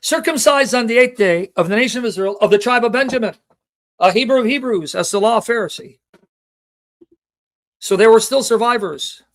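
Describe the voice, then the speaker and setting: Very high-voiced and a bit bright, this livestream host talks briskly and pauses often while teaching the Bible. He speaks straight to his viewers with passion and emotion, reading out scripture references and posing rhetorical questions.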